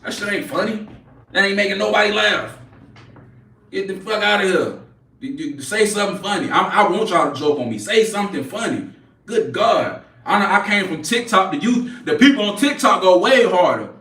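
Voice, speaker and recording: A man's voice: sits high, expressive, normal speed, fairly bright tone, recorded from a distance. A man in his forties hosting a casual livestream, brash and profane as he mocks trolls in the chat. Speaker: livestream host. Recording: echoey room, off-mic.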